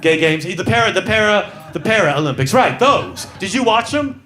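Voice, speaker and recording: A man's voice: high-pitched, animated, normal speed, pushed and bright. A man from San Francisco doing stand-up comedy in a club, teasing the crowd in a camp manner with lots of restarts. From San Francisco, USA. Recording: live club with audience. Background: audience laughing.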